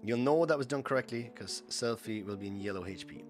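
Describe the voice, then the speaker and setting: A man's voice: mid-range voice, a little fast, over music. A man streaming a speedrun, chatting casually and explaining each step to viewers as he plays. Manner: chats with viewers between instructions. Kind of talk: live gameplay commentary.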